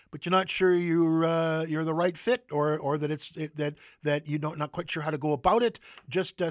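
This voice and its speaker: A man hosting theater announcements, stumbling through with fillers and self-corrections. His voice sits a little high, and it is recorded close to the mic, dry and without room sound. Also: dry recording. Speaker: theater news host. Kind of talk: casual radio announcements.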